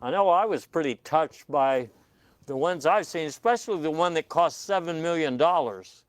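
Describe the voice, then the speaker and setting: A man hosting a comic news panel with a dry, deadpan delivery and hesitant fillers. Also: fairly high pitch, normal speed, dry recording. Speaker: comedy news host.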